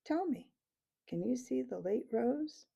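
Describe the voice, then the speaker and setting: Gentle old dying abbot mouse, a lady reading him, dark gravelly voice, storybook. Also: fairly high pitch, expressive, lo-fi sound, pitched above the performer's own voice, full character voice. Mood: gentle, fatherly. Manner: slow, tender, fatherly.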